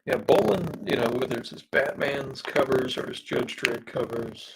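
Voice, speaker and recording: A man's voice: mid-range voice, animated, moderate pace, creaky, heavy background noise. A man streaming a live drawing session, losing his voice from smoke, chatting in a rambling, hesitant way with many fillers and reading out viewer comments. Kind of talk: casual live-stream chat while drawing.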